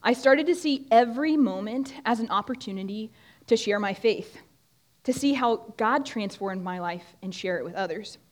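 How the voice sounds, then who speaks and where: A woman's voice: on the high side, normal speed. A young woman giving a conversational Bible talk to a group, often restarting her sentences. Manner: conversational, with frequent restarts and fillers. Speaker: student ministry speaker. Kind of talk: sermon-style Bible teaching. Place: room with a group of listeners.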